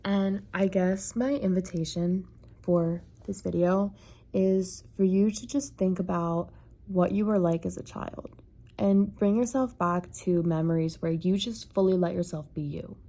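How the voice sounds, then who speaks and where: A woman vlogger giving an earnest, soft-spoken reflective monologue, peppered with "like" and "kind of". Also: fairly low pitch, steady tone, a little slow.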